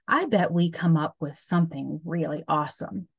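A woman's voice: sits low, moderate pace, vocal fry, slightly rough, heavily acted. A woman voicing Alex, a friendly, sensible schoolboy, in a read-aloud tone.

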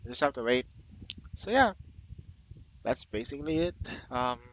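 A man giving relaxed, rambling commentary as he plays a video game. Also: medium pitch, normal speed, muffled recording, slight background noise. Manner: relaxed, rambling, reads game dialogue aloud. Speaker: let's play host. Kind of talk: casual gameplay commentary. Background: game music.

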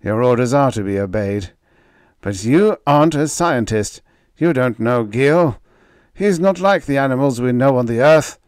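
A man's voice: medium pitch, animated, measured pace, darkish tone, clear, resonant tone, dry recording, studio quality, pitched above the performer's own voice, lightly acted. A man voicing a ruthless mad male scientist in a storybook reading, speaking in a snapping, imperious, contemptuous way. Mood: cold.

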